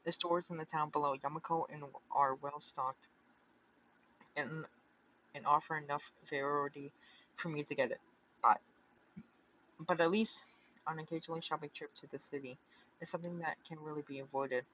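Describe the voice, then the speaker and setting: A man's voice: a little high, fairly even intonation, normal speed, pauses often, bright, forceful tone, highs cut off, a little hiss or hum. A man reading a visual novel aloud, often stumbling and restarting, with chatty asides.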